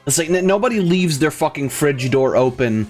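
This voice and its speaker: Speaking at a moderate pace, a young man with a slightly high, animated, somewhat mellow voice hosts a gaming video. His commentary over the gameplay is a casual rant, profane and rambling, full of fillers and restarts, with faint music in the background.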